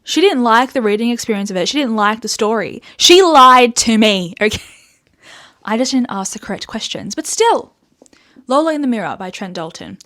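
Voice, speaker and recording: A young Australian woman hosting a casual book vlog, animated and sweary as she rants, with frequent laughs. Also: on the high side, moderate pace. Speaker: book reviewer host.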